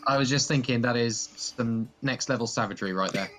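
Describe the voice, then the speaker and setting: A man's voice: mid-range voice, fairly quick, fairly bright tone, faint music behind. A British man playing in a tabletop game, playful and mock formal. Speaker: player. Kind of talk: casual tabletop play.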